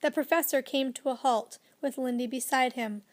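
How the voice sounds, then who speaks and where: A woman narrating a children's storybook with a lively, expressive reading. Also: sits high, normal speed. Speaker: audiobook narrator.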